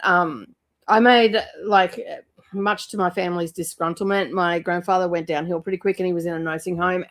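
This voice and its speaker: A middle-aged Australian woman with a cold, hosting a casual livestream chat and rambling with frequent fillers. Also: on the low side. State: has a cold, clears throat. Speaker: book channel host.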